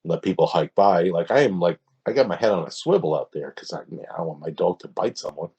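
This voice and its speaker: A man, a podcast guest, tells a story in a casual, halting way, often restarting his sentences. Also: low voice, animated, creaky, darkish tone, husky, dull audio. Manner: hesitant, halting, with many restarts.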